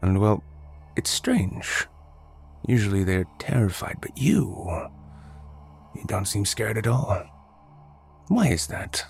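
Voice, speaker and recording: A man playing a calm, detached butcher and captor in a horror audio drama, speaking politely and in a measured way. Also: lowish voice, vocal fry, faint music behind, pitched above the performer's own voice, full character voice. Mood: coolly polite. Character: cold, curious male butcher and captor.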